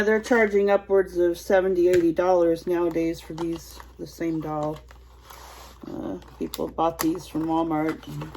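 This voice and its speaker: A woman's voice: lowish voice, noisy background. A woman vlogger chatting casually while unboxing a toy, giggly and rambling.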